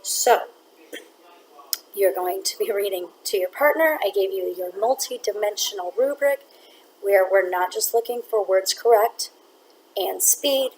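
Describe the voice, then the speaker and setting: A woman teaching a reading lesson, explaining phrasing in a clear, deliberate way and sometimes reading word by word to demonstrate. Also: medium pitch, a little hiss or hum, poor audio. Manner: clear, deliberate teacher talk, reads words one at a time to demonstrate.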